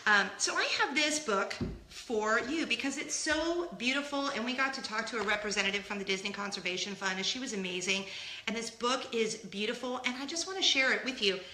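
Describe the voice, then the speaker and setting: A woman's voice: a little high, expressive, brisk, echoey room, slight background noise. A woman, telling a story in a casual vlog, gushing and laughing often. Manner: gushing, laughs often, acts out loud gasps. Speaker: vlogger.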